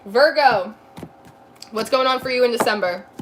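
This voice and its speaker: Against a noisy background, a woman from New Jersey chats through a live tarot reading in a fairly high voice. She's talkative, laughs a lot, and keeps dropping quick asides.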